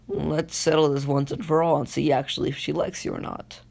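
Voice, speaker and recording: A man's voice: fairly high pitch, level tone, brisk, creaky, darkish tone. A man doing a smug scheming devil.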